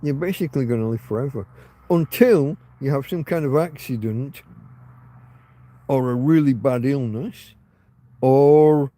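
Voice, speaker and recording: Englishman, hiccups, slow talker, mellow, rambling, swearing, livestream host at home. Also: mid-range voice, no room sound. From England. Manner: rambling, swearing, trailing off with ums. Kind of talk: casual livestream chat.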